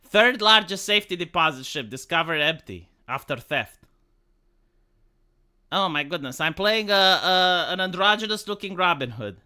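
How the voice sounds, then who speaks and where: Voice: mid-range voice, animated, moderate pace, bright, forceful tone. A streamer giving exasperated live commentary over gameplay, ranting and stumbling over words.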